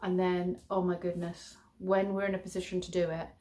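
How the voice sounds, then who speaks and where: A woman's voice: fairly low pitch, little pitch movement, a little fast. A middle-aged English woman chatting casually to her viewers in a rambling vlog sign-off. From England. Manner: chatty, rambling, warm-hearted, chuckling. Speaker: childminder and vlogger.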